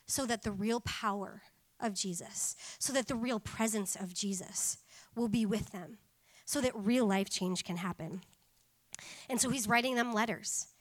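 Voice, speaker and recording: Animated woman preaching a sermon. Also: on the high side. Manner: animated, laughs often, lively asides.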